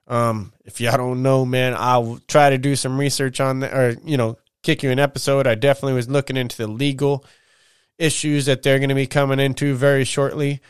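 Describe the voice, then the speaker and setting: Smooth-voiced man hosting a casual podcast. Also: medium pitch, level tone, fairly quick, no room sound, clean studio sound. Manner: loose, profane, storytelling with slang like "man" and "y'all". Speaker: podcast host. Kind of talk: casual solo podcast monologue.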